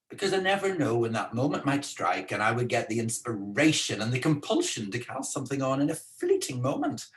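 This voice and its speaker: A man hosting a casual live-streamed talk from home in a chatty, playful, teasing way. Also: mid-range voice. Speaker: co-host and speaker. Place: indoors at home.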